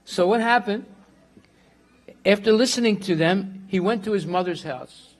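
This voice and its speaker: A man teaching a class, telling a story in a relaxed way and dropping in Hindi words. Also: high voice, moderate pace.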